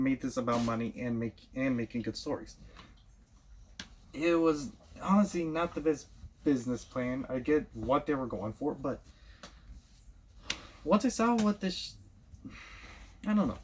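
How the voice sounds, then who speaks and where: A man's voice: mid-range voice, slight background noise. A man giving a casual opinion rant as a show host, blunt and repetitive, often restarting his sentences.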